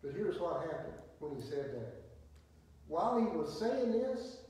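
A man preaching, folksy and emphatic, leaning on dramatic pauses. His voice sits a little high for a man. He sounds far from the mic in a very echoey room with a faint hiss. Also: big pitch swings, darkish tone. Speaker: pastor leading a Bible study. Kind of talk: sermon-style Bible teaching. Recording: very echoey room heard from a distance with faint noise.

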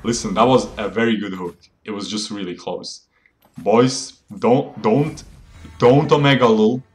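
A man's voice: fairly low pitch, fairly even intonation, unhurried. Laughing, boastful young gaming streamer guy. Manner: boastful, playful, laughs often, calls viewers boys. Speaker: game streamer. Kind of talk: joking live gameplay commentary.

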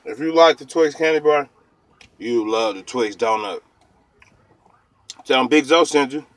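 Laid-back fifties man, easy slang, slow unhurried delivery, mid-pitched voice. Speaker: food review vlogger. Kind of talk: casual food review vlog.

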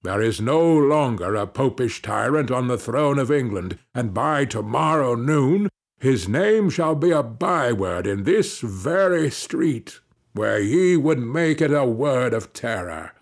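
A man reading as a grave old ghostly champion from an old storybook, speaking in slow, stern, archaic tones with a husky edge. Unmoved and commanding, he sounds like a voice long unused among the living. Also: medium pitch, expressive. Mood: stern prophetic. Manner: solemn, commanding, archaic speech. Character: aged stern ghostly male Puritan champion.

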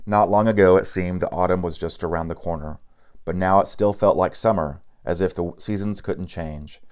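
A man reading a picture book aloud in a steady, unhurried way, with small slips and restarts. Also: low voice. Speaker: narrator.

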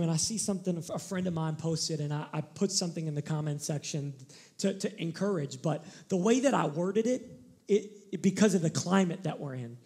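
A male pastor preaching a sermon, animated and emphatic, shifting into candid personal stories. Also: high voice.

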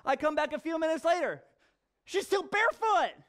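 A man who is a young father and pastor, giving a conversational sermon full of personal stories and animated repetition. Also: extremely high pitch, moderate pace. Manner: animated storyteller, repeats himself for effect.

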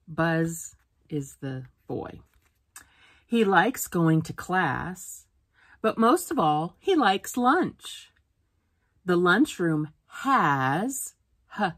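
A woman's voice: lowish voice, fairly bright tone, no echo, studio quality. A woman teacher reading a picture book aloud for a phonics lesson, sounding out words letter by letter.

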